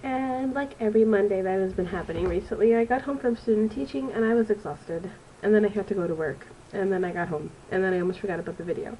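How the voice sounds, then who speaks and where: A woman's voice: medium pitch, quick pace, hardly any pauses, warm tone, slight background noise, rough recording. A woman in her twenties with a stuffy, nasal voice from allergies, giving a rambling, casual book review on her vlog. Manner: chatty and rambling, with frequent ums. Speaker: student teacher reviewing a book.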